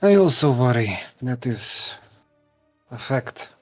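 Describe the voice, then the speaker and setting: A man's voice: medium pitch, sing-song, takes it slowly, faint music behind. A man playing a tabletop game, joking and teasing the others in casual banter. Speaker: player.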